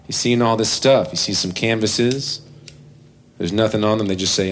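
A man performing live, telling a comic story between songs in an animated, self-deprecating way into a stage microphone. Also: fairly low pitch, moderate pace. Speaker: comedic musician performing live. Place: live venue with audience.

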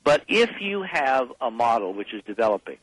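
A man's voice: mid-range voice, big pitch swings, normal speed, slightly rough, dry recording, rough recording. A man speaking as a guest on a radio talk show, talking emphatically and persuasively, rallying listeners to act.

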